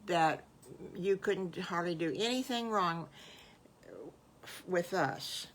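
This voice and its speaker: An older woman voicing a gentle, motherly farmer's wife who speaks in a soothing, reassuring way. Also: on the low side, slow pace, a little hiss or hum.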